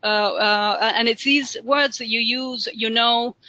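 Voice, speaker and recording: Guy running a career webinar, talks quick, tons of uhs, bright high voice. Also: steady tone, no room sound, muffled recording. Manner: talks fast with many fillers. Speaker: career trainer. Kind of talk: webinar presentation.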